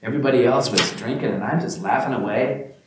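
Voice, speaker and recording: A man teaching an informal spiritual talk in a gentle, musing way, speaking to listeners by name. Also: medium pitch, quick pace, very echoey, noisy background.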